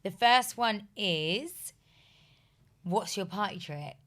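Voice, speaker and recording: A woman's voice: mid-range voice, lively intonation, slow pace, fairly bright tone. A young woman, co-hosting a podcast in casual, giggly, informal chat. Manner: chatty, giggly, loose and informal. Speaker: podcast co-host.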